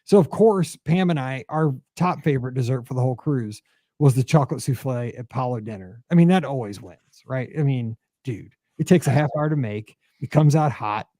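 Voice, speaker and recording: A man in his forties, a podcast host, telling a story in casual chat with many fillers and excited jumps in pitch. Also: fairly quick, no echo, studio quality.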